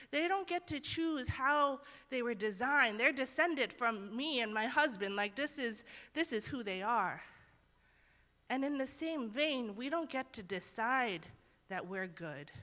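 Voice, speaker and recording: A young woman's slightly high, pushed and bright voice carries through a long hall reverb. She's teaching scripture in a laid-back yet sincere sermon style, dramatizing the quotes she tells.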